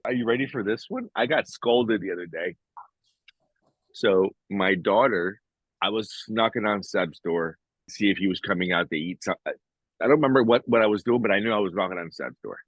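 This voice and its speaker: A man co-hosting a podcast, chatting casually and telling a story in an animated way, speaking to the listener directly. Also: fairly low pitch, slightly rough, no echo. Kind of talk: casual chat. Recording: dry, dull-sounding mic.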